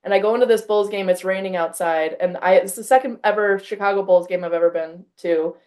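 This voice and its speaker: A woman in her thirties chats casually as a podcast host. She tells an anecdote animatedly, acting out both sides of the conversation and peppering her speech with "like". Her voice sits at an ordinary middle pitch. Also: fairly quick. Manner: animated storyteller, acts out quoted exchanges, frequent "like".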